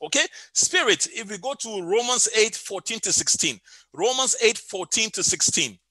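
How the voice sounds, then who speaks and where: A man's voice: high voice, animated, moderate pace, pushed and bright, no room sound. A middle-aged man preaching a sermon over an online call, telling a story with many fillers and repeated phrases.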